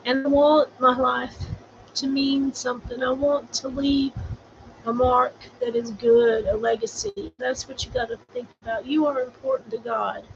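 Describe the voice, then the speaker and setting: A middle-aged woman from Florida, earnestly talking about grief and encouraging viewers on a casual livestream. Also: a little high. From Florida, USA. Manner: earnest, rambling, preachy encouragement. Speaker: vlogger sharing grief. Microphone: borrowed camera, livestream. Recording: slightly dull livestream audio with faint noise.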